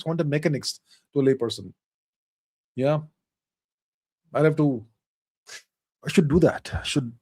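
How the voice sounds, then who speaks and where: A man's voice: fairly high pitch, a little mellow, dry recording, studio quality. A middle-aged man hosting a casual live Q&A, answering viewer questions in an emphatic, lecturing way and repeating phrases for stress.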